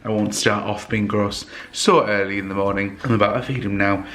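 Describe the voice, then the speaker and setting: Hurried young man. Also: lowish voice, steady tone, a bit bright, a little hiss or hum. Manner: hurried, hesitant, many fillers. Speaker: vlogger. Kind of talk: casual vlog chat.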